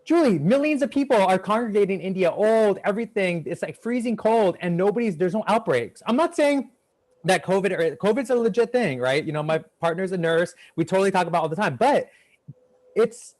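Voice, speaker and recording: A man's voice: high-pitched, expressive, a little fast, a little mellow. A man hosting a casual interview, asking long, rambling questions in an earnest, enthusiastic way. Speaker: podcast host.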